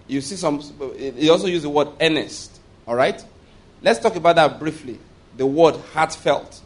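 Emphatic preacher, fairly high voice. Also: male voice. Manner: emphatic, calls for congregation responses. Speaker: pastor. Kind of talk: sermon. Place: church.

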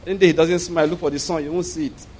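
A male preacher delivers a sermon in a high, bright voice. He is animated and humorous, stopping often to check that his listeners are following. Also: racing, a little hiss or hum. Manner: humorous, animated storytelling, asks the congregation questions.

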